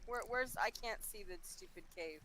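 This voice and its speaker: A woman's voice: medium pitch, moderate pace, crowd noise. A woman playing a tabletop role-playing game, joking playfully in character. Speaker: player voicing her character.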